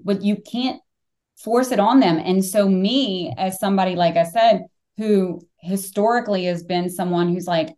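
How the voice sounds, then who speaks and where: A middle-aged woman hosting a podcast, telling stories in casual conversation, animated and swearing freely. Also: medium pitch, moderate pace. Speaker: podcast host.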